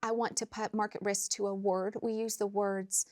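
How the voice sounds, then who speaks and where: A woman financial advisor on a talk show, explaining money matters in measured, plain steps. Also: medium pitch, flat delivery, darkish tone.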